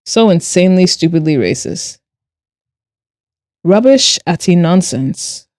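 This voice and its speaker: Mellow-voiced woman chatting on a stream. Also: lowish voice, no echo, clean studio sound. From Nigeria and Ireland. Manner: animated and quick to laugh, with blunt swearing. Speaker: streamer and artist. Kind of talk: casual livestream chat, reading chat aloud while drawing.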